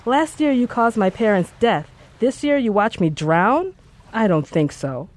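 A narrator voicing a grieving, defiant young woman in an audiobook, speaking in sharp, curt retorts. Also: mid-range voice, expressive, unhurried, voice pushed up, natural voice. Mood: scornful. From Chicago, Nigerian parents.

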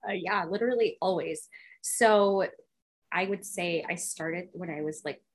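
A photographer talking as a podcast guest in a casual, relaxed way, saying "like" a lot. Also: female voice, lowish voice, a little slow, a little hiss or hum. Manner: relaxed, chatty, says "like" a lot. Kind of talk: casual interview.

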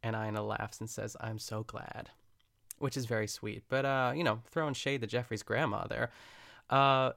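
Gravelly-voiced man in chatty recap. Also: mid-range voice, fairly even intonation, moderate pace, fairly bright tone. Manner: chatty and meandering, full of "like" and wry asides. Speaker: podcast host recapping a cooking show. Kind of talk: casual chat.

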